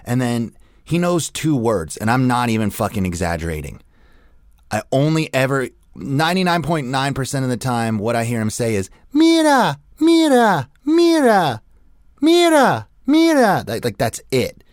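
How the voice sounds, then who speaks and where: A man's voice: medium pitch, lively intonation, normal speed, dry recording, clean studio sound. A young adult man hosting a radio show, delivering a crude, profane, rambling comedic rant.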